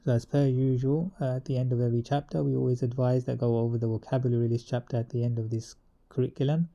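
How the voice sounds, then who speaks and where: A man methodically explaining an Arabic grammar table to students, with pauses, fillers and restarts. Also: mid-range voice, level tone, creaky, dark tone, dull audio. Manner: methodical, repetitive teaching.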